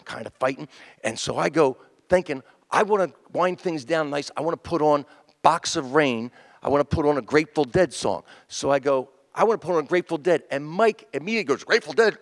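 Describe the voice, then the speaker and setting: Creaky-voiced comedian telling rambling stories onstage. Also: male voice, medium pitch. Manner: rambling, animated, acts out quoted voices. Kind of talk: stand-up storytelling at a memorial tribute. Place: stage in front of a live audience.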